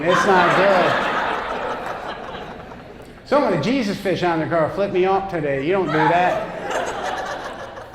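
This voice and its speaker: A man from upstate New York doing a stand-up comedy set on a club stage, with a brash, punchy delivery and asides to the crowd. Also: on the high side. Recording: echoey club room with noise. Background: audience laughter.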